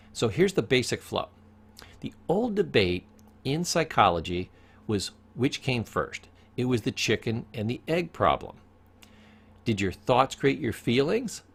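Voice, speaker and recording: A man's voice: mid-range voice, creaky, slightly rough. A man teaching a recorded psychology course, who speaks emphatically, repeats his key points and asks the listener questions.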